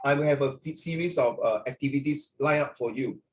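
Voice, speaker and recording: Over a video call, a man with a mid-range voice teaches an online class as a tutor, speaking a little fast with slight background noise. His delivery is rambling and animated, full of fillers.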